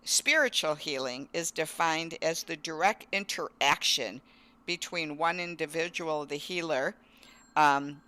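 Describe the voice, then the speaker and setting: A woman hosting a casual interview, chatty and telling personal stories in an animated way. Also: low-pitched, unhurried. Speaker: host.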